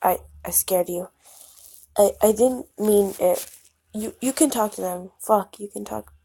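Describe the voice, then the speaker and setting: A woman's voice: medium pitch, measured pace, breathy edge. A woman doing a stammering, sorry young man. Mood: apologetic. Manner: stammering, soft and quiet.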